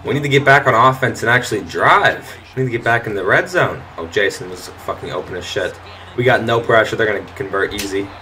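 A young man commentating his own football video game, frustrated and swearing, breaking into shouts and laughs at bad plays. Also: fairly low pitch, fast, a little hiss or hum. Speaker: gaming channel host. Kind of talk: gameplay commentary.

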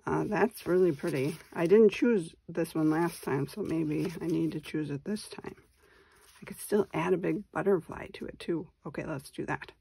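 Low, gravelly and mellow with a slightly rough edge, this woman's voice moves at a normal speed, and the recording has no echo. She's in her forties, from Wisconsin in the USA, and runs a papercraft channel where she chats casually through tutorials and mutters to herself while crafting.

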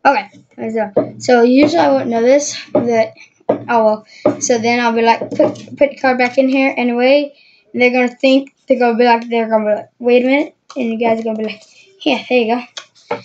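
This woman's voice is a little high and a little mellow, holding a steady tone at normal speed. She rambles hesitantly through a casual tutorial demonstrating magic tricks, captured in dull lo-fi audio with faint noise.

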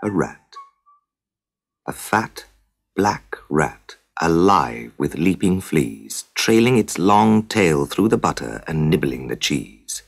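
A man narrating a classic children's story with dramatic, deliberate storytelling. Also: a bass voice, very animated, creaky, husky.

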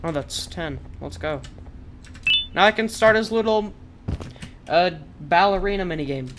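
A man commenting on a game in a loud, joking and reactive way. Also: high voice, expressive, a little slow, very noisy. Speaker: gaming video creator. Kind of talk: let's play commentary.

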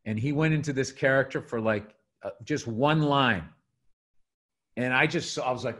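A man's voice: mid-range voice, normal speed. A middle-aged man co-hosting a casual podcast, telling comedy stories with lots of swearing and acting out quotes. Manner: animated storytelling, swearing, acts out quotes.

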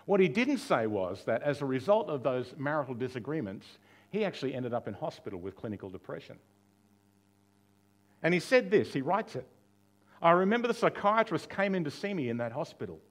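A man's voice: a little high, big pitch swings, a little fast. Guy preaching, talks like he's chatting with the room, asks questions, plays out little dialogues. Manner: conversational preaching with rhetorical questions and humor; acts out quoted dialogue in storytelling. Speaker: pastor. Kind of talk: sermon.

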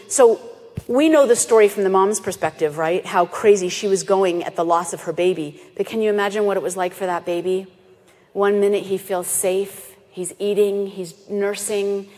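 Woman, animated storyteller, mid pitch, long hall reverb. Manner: animated, acts out quoted voices. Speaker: animal sanctuary founder giving a talk. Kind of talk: storytelling presentation. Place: festival stage in a hall.

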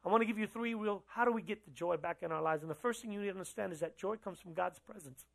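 Pastor preaching in church, chatty, keeps asking the crowd stuff and repeating lines, middle pitch. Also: fast talker, vocal fry. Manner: conversational, asks the audience questions; repeats phrases for emphasis. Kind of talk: sermon.

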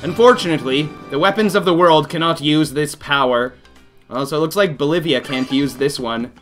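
Bright, animated man doing game commentary. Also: on the high side, normal speed, soft background music. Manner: reads game text aloud, then reacts with laughter and playful mock outrage. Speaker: gaming commentator. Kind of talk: comedic let's play commentary.

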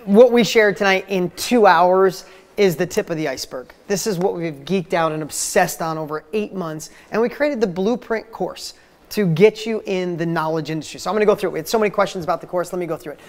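A woman hosting a live training, giving an upbeat, brisk overview of a course. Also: fairly low pitch. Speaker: host of the training.

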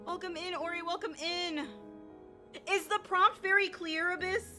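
A woman streamer giving excitable live gameplay commentary, exclaiming and swearing freely. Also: extremely high pitch, moderate pace. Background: game music.

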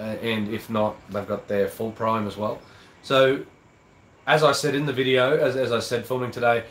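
A man's voice: mid-range voice, fairly bright tone. Aussie male host, casual rambling chat, nasal with a cold; echoey room, audible aircon hum. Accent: Australian. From Australia. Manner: casual, chatty, rambling with fillers. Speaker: golf channel host. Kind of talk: live-stream chat reading viewer comments.

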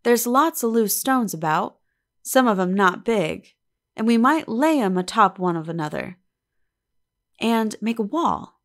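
A woman's voice: fairly high pitch, lively intonation, measured pace. A woman doing Eppie, an eager young village girl. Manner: eager, bright and coaxing.

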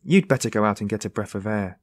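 A man voicing an indignant woman servant who scolds in a raised, shrill voice. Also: fast talker, no room sound, natural voice.

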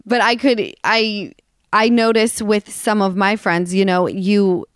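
A woman's voice: mid-range voice, fairly even intonation, slow, clear, resonant tone, dry recording, studio quality. A woman hosting a podcast in casual, candid chat, open and emotional, laughing often. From Los Angeles. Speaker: podcast host.

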